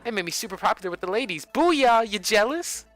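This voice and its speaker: A brash teenage baseball ace who swears freely and brags without shame, as a man reads his game lines in a raised voice. His delivery swoops up and down, bright and lively. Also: brisk, soft background music. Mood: boastful. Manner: brash, swears casually, higher voice. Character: cocky teen boy baseball star, brash and whiny. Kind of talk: reading game dialogue aloud.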